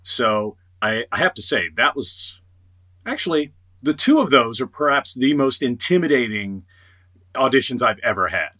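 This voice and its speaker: A middle-aged man, a voice actor, telling stories in a casual interview, animated and quick to mimic others. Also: medium pitch. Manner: animated storyteller, quotes others in lively voices. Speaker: voice actor guest.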